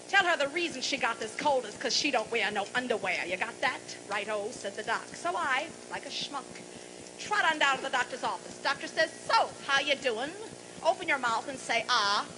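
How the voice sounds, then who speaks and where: Loud audience noise fills this live recording from a big, boomy venue, where a comedian and singer tells bawdy jokes. Her high, brassy voice has lively intonation at a moderate pace as she plays salty and mock-forgetful.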